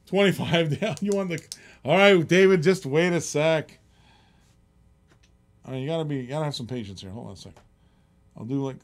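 A middle-aged man hosting a live-stream auction in casual, rambling chatter, often chuckling and reading out bids. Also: on the high side.

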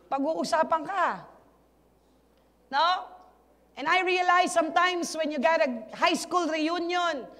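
A woman's voice: high voice, a bit bright, big-room sound. A woman pastor with a Filipino accent, preaching a sermon and urging her congregation on. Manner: switches between Tagalog and English, urges the congregation, emphatic. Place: church hall.

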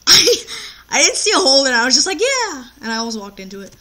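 A man's voice: very high-pitched, very animated, quick pace, crowd noise. A teenage boy chatting casually while playing a game, teasing his friend and bragging with lots of stumbling restarts. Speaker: Minecraft player. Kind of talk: casual gameplay chat.

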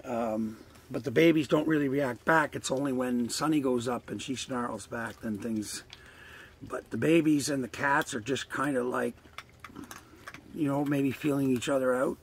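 A man's voice: mid-range voice, moderate pace, a little hiss or hum. An older man casually vlogging outdoors by a trailer near the woods, rambling and coaxing animals fondly, swearing now and then. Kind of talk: casual outdoor vlog narration.

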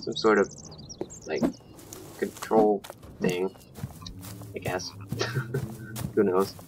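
A man's voice: on the low side, steady tone, drawn-out words, in a whisper. A man giving let's play commentary, thinking aloud and swearing when startled. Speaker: gaming channel host.

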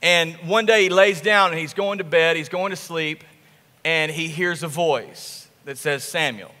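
A male pastor preaching a sermon, telling the story with animated, emphatic repetition. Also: a little high, a little slow, big-room sound. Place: church sanctuary.

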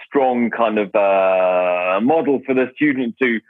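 Podcast host on a tinny phone-like line. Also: male voice, lowish voice, takes it slowly, no echo. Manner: hesitant, full of fillers. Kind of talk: conversational interview.

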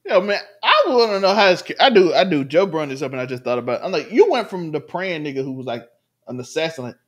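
A man's voice: on the high side, big pitch swings, fast, a bit bright. A man co-hosting a casual TV review chat, joking and laughing often. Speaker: podcast co-host.

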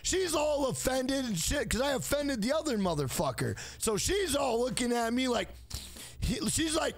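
High-voiced, profane streamer man. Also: big pitch swings, normal speed, faint music behind. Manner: profane, rambling storyteller. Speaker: game streamer. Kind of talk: casual live-stream chat.

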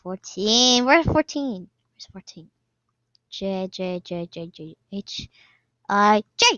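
A woman commenting on a game as she plays, excitable, often squealing and laughing. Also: mid-range voice, takes it slowly, dry recording. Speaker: gaming video creator. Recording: slightly dull lo-fi sound, dry.

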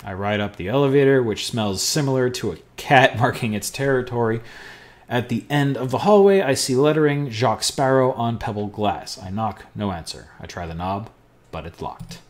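A male podcast host plays an adventure game in casual let's-play fashion, tossing out offhand, wry comments and reading the game's narration aloud. His mid-range voice has lively intonation at a normal speed.

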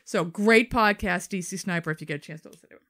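Lower-pitched woman telling a true-crime story. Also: quick pace. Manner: animated storyteller, swears freely, acts out quotes. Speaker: podcast co-host. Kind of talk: casual true-crime chat.

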